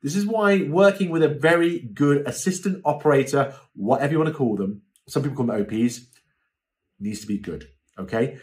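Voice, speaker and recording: A man's voice: on the high side, moderate pace. A young British man giving a chatty, casual lesson as a live-selling coach, often acting out voices as he explains. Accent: British English. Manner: chatty, animated, acts out quoted voices. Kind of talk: casual instructional talk.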